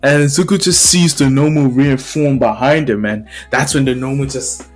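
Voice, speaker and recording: A man casually retelling a fan story scene, rambling excitedly with frequent restarts. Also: mid-range voice, moderate pace, faint music behind.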